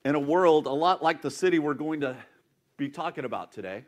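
Brief: man, pastor, high-pitched voice, animated emphatic sermon delivery. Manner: emphatic, animated preaching with dramatic pauses.

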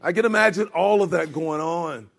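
A man preaching a sermon as a pastor, reading scripture and then acting out the disciples' voices with lively energy. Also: a little high, normal speed, gravelly. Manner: animated, acts out the disciples' voices.

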